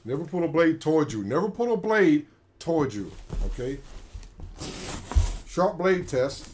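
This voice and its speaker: A man hosts a casual livestream, joking around and laughing often. His voice sits a bit high for a man, and he keeps the banter loose and playful. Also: very animated, unhurried, noisy background. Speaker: show host.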